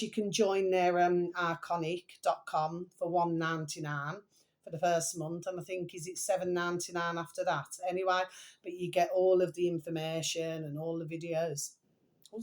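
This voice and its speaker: Chatty woman vlogger with a lowish voice who meanders and talks warmly to her viewers. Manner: chatty, meandering, keeps calling viewers her delicious little babies. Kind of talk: rambling casual monologue.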